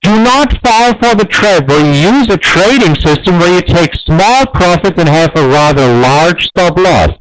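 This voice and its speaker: A man teaching a trading webinar, persuasive and animated, often asking rhetorical questions. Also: high voice, a little slow, few pauses, no room sound, low-quality recording. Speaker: trading instructor. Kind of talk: webinar lesson.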